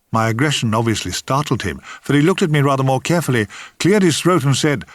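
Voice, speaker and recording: An older man narrates his memoir in a wry, theatrical way, with a voice that rises and falls lively at a middle pitch. The recording is close and dry, with no room sound. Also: fast talker, hardly any pauses, dry recording. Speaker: author reading his memoir.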